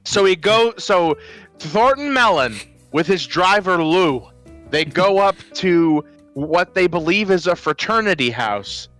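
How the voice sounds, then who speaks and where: A man's voice: high-pitched, animated, measured pace, fairly bright tone, soft background music. A man co-hosting a casual podcast, chatty and retelling movie scenes with quoted lines. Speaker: podcast co-host.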